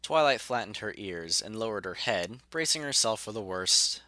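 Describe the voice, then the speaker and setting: A man narrating a fan audio story in a measured, even way. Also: fairly low pitch, no echo, studio quality.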